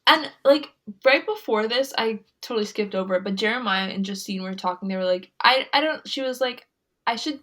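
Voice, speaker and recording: A woman's voice: medium pitch, brisk, fairly bright tone. Giggly chatty young woman co-host. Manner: chatty, giggly, many "like" fillers. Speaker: podcast co-host. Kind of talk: casual chat recapping a reality show.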